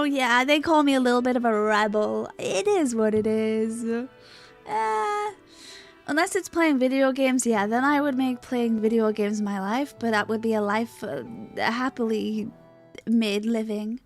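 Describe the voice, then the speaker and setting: Bubbly high-voiced young woman streamer. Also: unhurried, soft background music. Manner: bubbly, chatty, greets chat with high excitement; swears casually, rambling asides. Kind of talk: casual live-stream chat.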